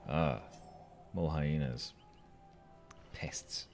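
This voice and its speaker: A man's voice: extremely low pitch, drawn-out words, vocal fry, darkish tone, faint music behind. A man chatting playfully through a game as a let's-play host, joking with the creatures on screen. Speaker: gaming channel host.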